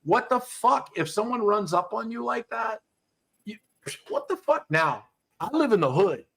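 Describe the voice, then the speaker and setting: A man with a fairly high-pitched voice hosts a casual podcast chat. He talks bluntly and swears freely, throwing himself into animated stories. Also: unhurried, creaky. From US South. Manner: blunt, profane, animated storytelling. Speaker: podcast host, dog trainer.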